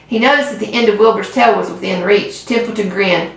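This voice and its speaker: A woman who hosts a reading channel, reading a children's book aloud with gentle storytelling. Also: medium pitch, brisk, vocal fry. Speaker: reader. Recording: roomy, far from mic.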